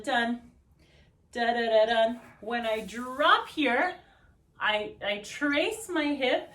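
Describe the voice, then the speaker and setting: A woman with a somewhat high, slightly bright voice teaches a belly dance routine, counting beats aloud and humming rhythms in syllables. It's a dance tutorial recorded in an echoey room, her voice picked up from a distance.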